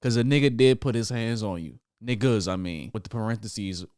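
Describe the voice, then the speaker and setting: A man giving a casual reaction review of an album, often stammering and restarting, with sudden excited outbursts. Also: on the low side, fairly quick.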